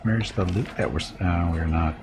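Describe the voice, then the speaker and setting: A man's voice: sits low, normal speed. A man with a Southern Californian accent giving rambling, self-deprecating commentary while live-streaming a game. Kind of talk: casual live gameplay commentary. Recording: noisy background.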